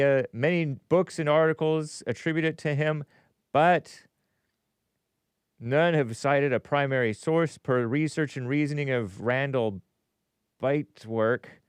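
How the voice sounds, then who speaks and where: A man's voice: mid-range voice, smooth, no room sound. A man hosting a call-in show in casual live-stream chat, musing aloud and stumbling over hard names.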